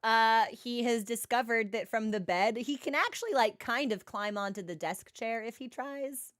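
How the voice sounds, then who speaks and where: Woman streamer, high voice, chatty and animated, lots of filler words. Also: moderate pace. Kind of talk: casual chat.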